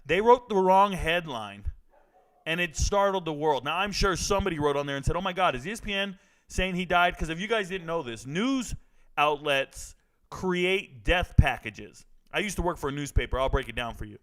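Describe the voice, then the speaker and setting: A man's voice: fairly high pitch, expressive, normal speed, rough recording. A middle-aged man hosting a casual commentary vlog, brash and joking as he talks straight to his viewers. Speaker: sports and trends commentator.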